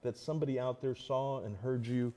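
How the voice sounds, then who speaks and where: A man's voice: mid-range voice, fairly even intonation, a little fast, warm tone. A man hosting a casual interview, enthusiastic and jokey. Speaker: show host.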